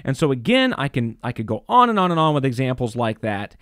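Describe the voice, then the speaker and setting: A man's voice: medium pitch, very animated, a little fast, a bit bright, smooth, dry recording, studio quality. A man preaching a sermon as a pastor, impassioned and emphatic, repeating phrases for stress.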